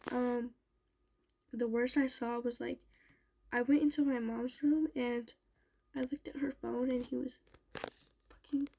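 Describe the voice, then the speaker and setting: A young woman with a slightly raised, gravelly voice tells a personal story in an unhurried, rambling way. She is a bit sick and leans on "like" and "um" between thoughts. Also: on the high side, fairly even intonation, mellow, a little hiss or hum, rough recording. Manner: rambling, full of "like" and "um" fillers. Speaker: storytime vlogger. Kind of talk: casual storytelling.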